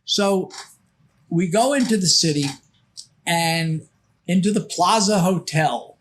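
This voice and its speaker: Podcast guest, sixties, man with a high voice; rambling storyteller who restarts sentences and acts out quotes. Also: takes it slowly, fairly bright tone. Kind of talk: casual storytelling.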